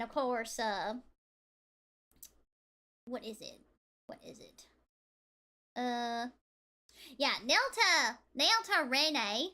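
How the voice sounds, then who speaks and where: A woman with a Southern US accent, chatting and giggling on a livestream, with drawn-out vowels. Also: a little high, pushed and bright. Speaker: streamer. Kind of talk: casual livestream chat.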